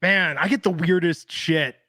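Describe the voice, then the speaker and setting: A man's voice: fairly high pitch, measured pace, pushed and bright, no echo, studio quality. A man co-hosting a wrestling podcast in casual, joking chat, rambling and swearing freely. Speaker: podcast co-host.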